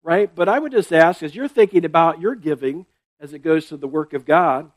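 High-voiced man preaching conversationally. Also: fairly quick, no room sound. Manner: conversational, often checks in with "right?" and "okay?"; restarts and repeats words while explaining. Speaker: pastor. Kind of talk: sermon.

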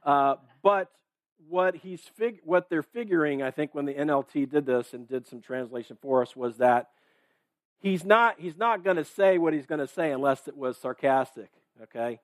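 This sermon comes from a male pastor whose voice is on the high side, with lively intonation and a moderate pace, recorded without room sound. He reads verses and riffs on them conversationally, peppering his talk with fillers, restarts, "right?" and "okay?".

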